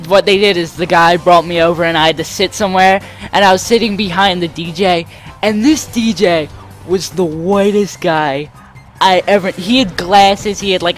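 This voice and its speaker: A young man hosting a let's play, rambling animatedly through a story and acting out the people in it. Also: high-pitched. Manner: rambling, animated, acts out the people in his stories. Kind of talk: casual storytelling over gameplay.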